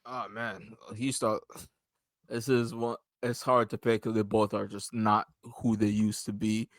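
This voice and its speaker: A man co-hosting a casual sports podcast, animated and laughing, breaking his points into short bursts. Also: on the low side, measured pace, dry recording. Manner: animated, laughing, acts out quotes. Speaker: podcast co-host.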